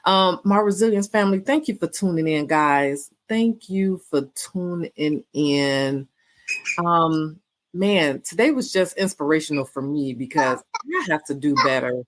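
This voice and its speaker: Low-voiced woman podcast host, warmly encouraging. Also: animated, measured pace. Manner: warm, repetitive, faith-filled encouragement with many fillers. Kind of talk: casual podcast sign-off.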